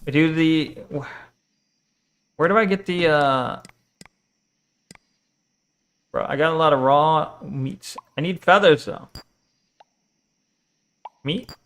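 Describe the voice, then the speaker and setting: A man with a slightly high voice, chatting loosely as he plays through a game on stream. He jokes, swears casually and answers chat in a relaxed, offhand way. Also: slow, pauses often. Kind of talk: casual live game commentary.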